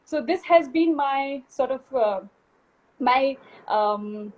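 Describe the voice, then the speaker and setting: A woman's voice: high voice, animated, slow pace, a little mellow, dull audio. A woman speaking as a guest on a live video call interview, candid and self-assured, laughing easily. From India. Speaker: guest basketball player.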